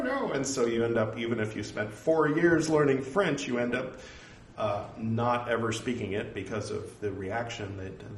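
Recorded on a distant mic in an echoey room with slight background noise, a lowish-voiced man from California, United States, speaks with a Californian American accent. Hosting a reading series in which he reads a religious text, he drifts into a casual spoken aside that is rambling, jokey, and self-deprecating.

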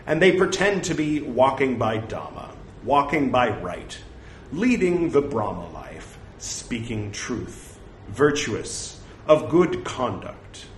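An angry, insulted woman, read by a man in a scripture recital piles up indignant accusations. The pace is slow and the pitch moves freely. A faint hiss and a ringing room sit behind the voice. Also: big pitch swings, echoey room.

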